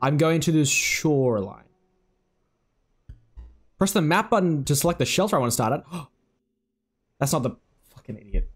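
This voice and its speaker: A young man giving excitable, swearing gameplay commentary while he plays, talking to himself. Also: a little high, normal speed, pauses often, breathy edge. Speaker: gaming video creator.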